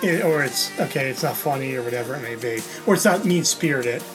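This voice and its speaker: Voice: medium pitch, lively intonation, a little fast, music in the background. A co-host in casual chat, recounting the events of a day at length in a conversational way.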